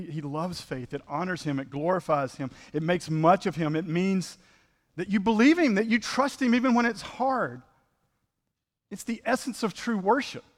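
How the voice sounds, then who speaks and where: A man's voice: high-pitched, big-room sound. A man preaching a conversational sermon as pastor, full of rhetorical questions.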